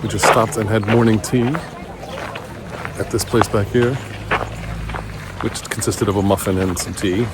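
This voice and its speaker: Retiree vlogging over loud outdoor noise. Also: male voice, fairly low pitch, steady tone, unhurried, long pauses. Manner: chatty, upbeat, self-deprecating. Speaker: travel vlogger. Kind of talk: casual travel narration. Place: outdoors on a road trip and boat tour.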